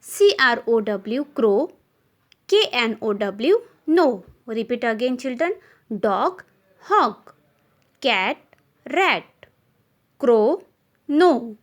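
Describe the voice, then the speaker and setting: A woman teacher with an Indian English accent, leading young children through a slow classroom recitation and spelling each word letter by letter. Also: on the high side, big pitch swings. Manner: spells words letter by letter and repeats them.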